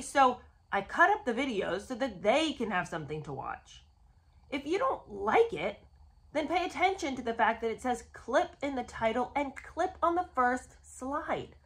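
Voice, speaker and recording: A woman hosts a casual book review show in a bright, forceful voice. Her pitch swings widely as she talks. She is sarcastic and exasperated in her asides. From United States. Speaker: host.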